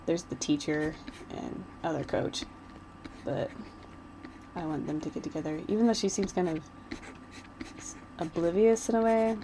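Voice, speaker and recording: A woman's voice: fairly low pitch, steady tone, normal speed, pauses often, background noise. A woman vlogger chatting casually while she doodles, rambling and giggling like a gushing fan.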